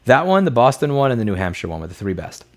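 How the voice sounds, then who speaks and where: A man's voice: medium pitch, big pitch swings, quick pace. A man hosting a casual livestream, reading viewer messages and answering them bluntly, often swearing. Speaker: livestream host answering chat.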